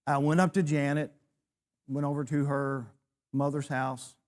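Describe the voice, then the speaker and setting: A man's voice: fairly high pitch, level tone, unhurried, a little mellow. Man in his sixties teaching a church class. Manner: storytelling with self-deprecating humor. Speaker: preacher.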